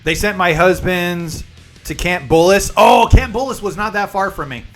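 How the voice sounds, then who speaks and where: Guy streamer w a high voice, casual rambly storytelling, bit of music behind. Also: normal speed. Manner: chatty, rambling storyteller who explains jargon.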